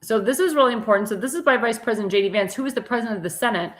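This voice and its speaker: Talk host, woman, tired, emphatic political monologue, many fillers and restarts, fairly high voice. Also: rapid-fire. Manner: emphatic, repeats words, frequent fillers and restarts.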